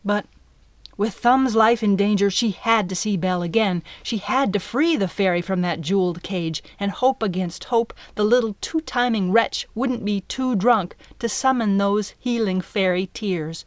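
A woman giving a scripted audiobook narration of a story, in an even, measured way. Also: medium pitch, no room sound.

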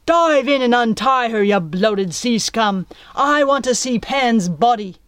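A woman's voice: on the high side, expressive, a little slow, clear, resonant tone, no room sound, clean studio sound, voice pushed up. A woman voicing a blustering, furious male pirate captain who roars commands. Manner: yelping, roaring commands.

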